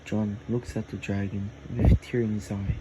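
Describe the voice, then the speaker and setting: A man narrating a made-up fantasy story in a slow, halting, plain delivery. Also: on the low side, level tone. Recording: loud air conditioning hum. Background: air conditioning.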